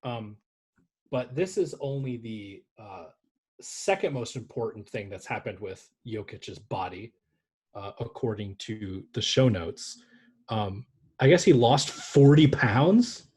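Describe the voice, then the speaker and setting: A man's voice: medium pitch, lively intonation, slow, a little mellow, breathy edge. A man co-hosting a casual sports podcast, rambling and joking with frequent swearing. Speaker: podcast co-host.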